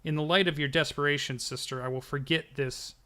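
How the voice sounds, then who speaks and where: A man's voice: on the high side, steady tone, a little fast, bright, forceful tone. A man putting on a stern knight. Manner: stern, curt. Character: stern male knight commanding soldiers.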